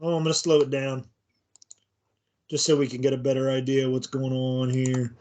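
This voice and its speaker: A man co-hosting a podcast, chatting casually, excited and rambling, often repeating words. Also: mid-range voice, normal speed, slight background noise. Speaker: podcast co-host. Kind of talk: casual chat.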